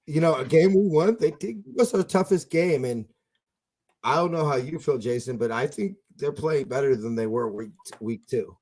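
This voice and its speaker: A man hosting a casual fan podcast over an internet call, telling rambling stories full of fillers and restarts. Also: a little high. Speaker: podcast host.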